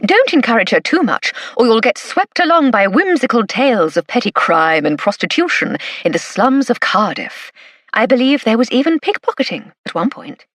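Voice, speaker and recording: Woman voicing a spirited lady of rank, well-spoken, lively ups and downs. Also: fairly high pitch, normal speed, no echo, clean studio sound. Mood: playful. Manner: bright, theatrical, well-spoken. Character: playful, spirited aristocratic lady.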